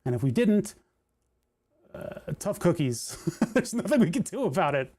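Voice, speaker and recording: A man talks his way through a soldering job on a livestream, rambling and tossing off little jokes as he works. His voice sits a touch high for a man but sounds dark and mellow. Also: very animated, moderate pace. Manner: rambling, joking asides, thinking aloud. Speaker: livestream host building electronics. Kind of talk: casual livestream chat while soldering.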